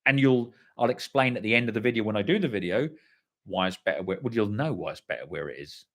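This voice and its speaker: A man's voice: fairly low pitch, animated, fast, a bit bright. Sweary, rambling man. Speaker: livestream host. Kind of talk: casual live chat reading viewer comments.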